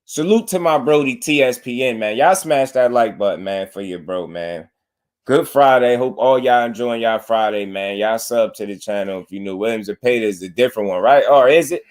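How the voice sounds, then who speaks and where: Hosting a casual boxing livestream, a young man speaks at a medium pitch and normal speed. He's animated and full of slang, addressing his chat directly.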